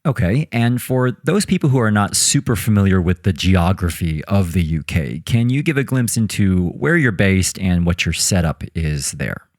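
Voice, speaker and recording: A man's voice: sits low, animated, moderate pace, hardly any pauses, dry recording, clean studio sound. A man hosting a career podcast, reading a polished, upbeat intro and then interviewing his guest. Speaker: podcast host.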